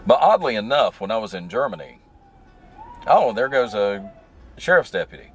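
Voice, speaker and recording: Low-voiced man with a mild Southern accent. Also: sing-song, moderate pace, long pauses, slightly rough. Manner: rambling, easygoing, digressive. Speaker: podcast host. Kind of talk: casual solo storytelling while driving. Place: in his truck stuck in traffic.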